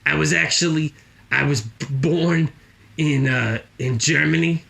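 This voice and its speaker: A man doing a gravelly boastful drifter. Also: on the high side, a little slow, sharp tone, heavily acted. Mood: rambling. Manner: rambling, boastful, tall tales. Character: boastful jobless man with a thick put-on accent, rambling. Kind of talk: improvised comedy interview.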